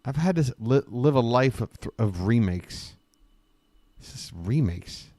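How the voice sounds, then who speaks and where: A man's voice: mid-range voice, lively intonation, a little slow, warm tone, no room sound. A man hosting a live stream, riffing with sarcastic jokes in a rambling, self-interrupting way. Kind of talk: casual live-stream commentary.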